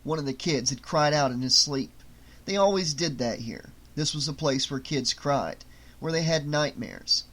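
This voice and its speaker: A man reading an audiobook in a steady, measured way. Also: a little high, poor audio. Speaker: audiobook narrator. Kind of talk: audiobook narration.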